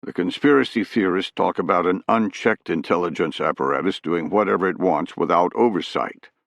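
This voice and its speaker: A man voicing a calm, authoritative male president who placates and explains. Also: low-pitched, creaky, no echo. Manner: measured, placating.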